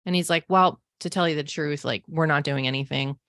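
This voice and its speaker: She sits low in pitch, talks a little fast, and sounds a bit bright as she shares a personal story. A podcast host and psychic medium in her forties, she chats casually with plenty of "like" and "um." The sound is clean studio audio with no room sound.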